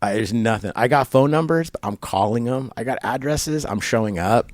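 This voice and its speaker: At a barber shop, a male guest being interviewed tells a long story casually, animated and full of fillers, acting out the voices of the people in it. His voice is medium-pitched at a normal speed, with no room sound.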